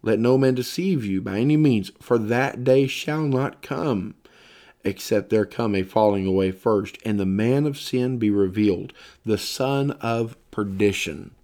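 With a dark tone and a voice on the low side, a fatigued Bible teacher speaks at a measured pace, yawning during his sermon-style lesson. He reads scripture with rising emphasis and explains it loosely, with fillers.

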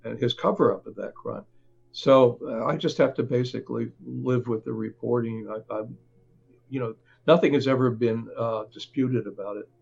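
A man with a gravelly, slightly husky voice talks as an interview guest about a book he wrote. He speaks haltingly, repeating words and stopping to restart his thoughts. The sound is a little dull and lo-fi. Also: medium pitch, a little mellow. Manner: halting, many fillers and restarts. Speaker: author and reporter.

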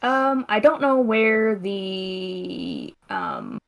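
A woman's voice: mid-range voice, sing-song, very slow, gravelly, highs cut off. A woman co-hosting a podcast, chatting in an easygoing, rambling way. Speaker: podcast co-host. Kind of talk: casual chat and story reading.

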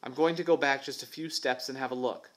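A man's voice: mid-range voice, fairly even intonation, fairly quick, pitched above the performer's own voice, close to an everyday voice. A man reading aloud voices a frightened boy who takes charge and calls out urgently for his lost friends. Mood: tense, firm. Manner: urgent, shouting.

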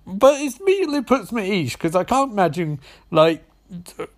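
A man with a somewhat high voice, talking through a TV episode in a loose, rambling recap. He makes sarcastic asides and swears freely. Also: sing-song, a little fast. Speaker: show recapper.

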